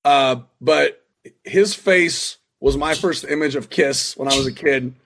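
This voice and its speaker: A man's voice: fairly high pitch, unhurried, vocal fry, a bit bright. A guest musician talking through memories with plain enthusiasm. He is a man whose voice sits slightly above average. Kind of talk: casual interview chat.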